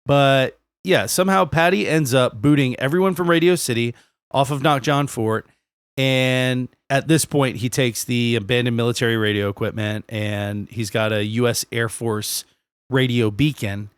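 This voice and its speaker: A man's voice: mid-range voice, normal speed, clear, resonant tone, no room sound. A man co-hosting a podcast, telling a history story in casual chat, laughing often and swearing freely. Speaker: podcast co-host.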